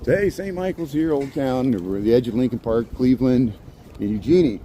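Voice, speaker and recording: A man's voice: fairly quick, mellow, slight background noise. A man chatting casually to his viewers as he walks the streets at night, talking into a handheld phone. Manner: chatty, greets dogs in a high baby voice, laughs often. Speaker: walking livestream vlogger. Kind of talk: casual street chat while walking. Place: outdoors on city streets at night.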